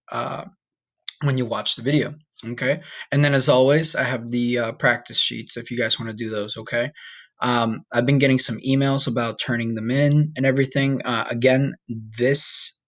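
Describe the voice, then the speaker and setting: A man teaching a recorded online Spanish lesson, patient and encouraging, saying numbers slowly for students to repeat. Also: medium pitch, a bit bright. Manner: patient, repeats okay and all right often.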